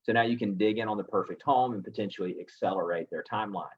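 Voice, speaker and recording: A man's voice: on the low side, fast talker, slightly rough. A man hosting a real estate coaching webinar, teaching sales scripts and acting out buyer replies with animation. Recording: dull lo-fi audio.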